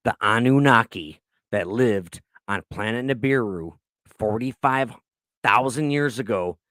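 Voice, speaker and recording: A man hosting a podcast in casual chat, rambling excitedly and swearing often. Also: medium pitch, no room sound. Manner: profane, rambling, excitable storytelling. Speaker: podcast host. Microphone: laptop recording.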